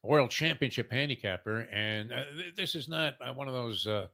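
A man's voice: mid-range voice, lively intonation, normal speed, sharp tone. A man hosting a sports betting talk show, rambling with many fillers and emphatic lifts.

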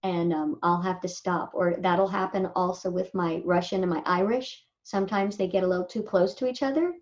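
A woman voice actor from Southern California talking casually in an interview, animated and quick to mimic people. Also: fairly low pitch, dull audio. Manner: animated, slips into lively mimicry of others. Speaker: voice actor guest.

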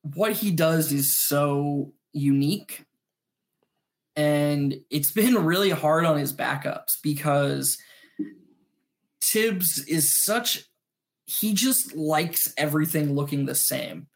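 Man with a gravelly, fairly high voice. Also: slow pace. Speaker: podcast co-host. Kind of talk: casual postgame sports analysis.

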